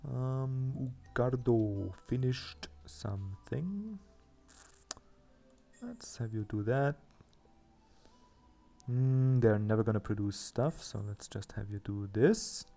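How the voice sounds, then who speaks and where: A man's voice: mid-range voice, expressive, takes it slowly, vocal fry, pauses often, mellow, faint music behind. A man hosting a let's play, chatting casually and thinking aloud as he plays, with a self-mocking manner. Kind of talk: casual gameplay commentary.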